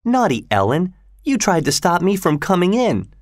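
A man voicing a headstrong, excited young girl in a read-aloud story, pitching his voice high. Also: no room sound, clean studio sound. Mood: eager. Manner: eager, high and quick to plead.

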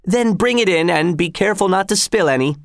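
A man voicing a cheerful, overly polite old executioner in a high, chirpy voice. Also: wildly swooping pitch, unhurried, dry recording, studio quality, full character voice. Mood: cheerfully polite.

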